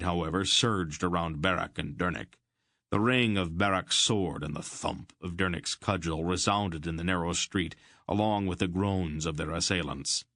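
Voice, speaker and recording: A man with a low voice narrates a fantasy audiobook. He carries the action at a steady, measured pace. The recording is dry and close, with no room echo.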